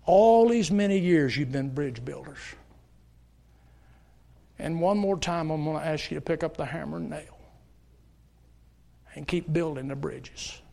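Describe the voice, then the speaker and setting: A middle-aged male preacher with a notably high voice delivers a sermon in church. He talks in an earnest, pleading way, telling stories and urging his listeners directly. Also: unhurried, gravelly, long pauses, dark tone. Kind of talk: sermon with altar call. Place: church service.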